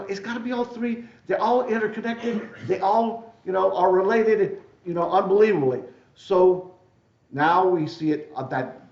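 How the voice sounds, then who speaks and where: A man delivering a keynote at a conference in a rather high voice, folksy and repetitive, often asking "right?" and "okay?". His voice carries around a roomy hall, and the recording sounds dull and muffled. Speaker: keynote speaker at a deacon assembly. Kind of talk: conference talk. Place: lecture hall.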